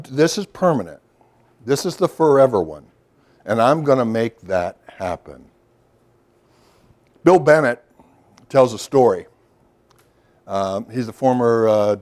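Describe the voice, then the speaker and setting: A man's voice: mid-range voice, lively intonation, a little slow, pauses often, darkish tone. A middle-aged man giving a workshop lecture in a loose, storytelling way, with asides and questions to the audience. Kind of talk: recorded lecture to a professional audience.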